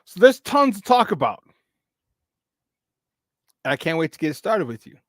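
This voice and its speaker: A man's voice: high voice, big pitch swings, moderate pace, fairly bright tone, dry recording. A young man hosting a casual morning sports talk show, rambling loosely and slipping into Spanish phrases.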